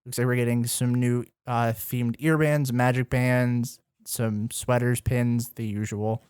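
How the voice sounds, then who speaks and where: A man's voice: mid-range voice, little pitch movement, a little slow, darkish tone, clear, resonant tone, no echo, clean studio sound. A man co-hosting a podcast, running through the news in an easygoing, casual way with plenty of ums and likes. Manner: easygoing, filler-heavy news rundown. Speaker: podcast co-host. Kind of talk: casual chat.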